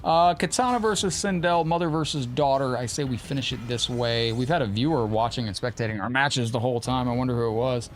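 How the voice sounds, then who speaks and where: A man's voice: medium pitch, a little fast, few pauses. Chatty man hosting a fighting-game stream. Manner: excitable, cheers opponents and thanks viewers; chatty and informal, often profane. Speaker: live-stream gaming host. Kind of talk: casual live-stream commentary.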